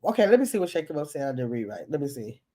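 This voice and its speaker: A woman's voice: low-pitched, sing-song, rapid-fire, warm tone. Chatty older woman reading live comments. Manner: chatty, playful, reads viewer comments aloud. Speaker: livestream host. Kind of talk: casual livestream chat reading comments.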